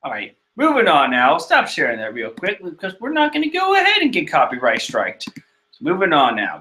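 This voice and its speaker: A man reading through and reviewing a comic chapter in a loose, excitable way, constantly exclaiming in disbelief and cracking jokes. His voice is bright and slightly high, and his pitch swings widely from one phrase to the next. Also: brisk. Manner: exclaiming, incredulous, joking. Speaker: manga reader and reviewer. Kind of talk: animated casual commentary.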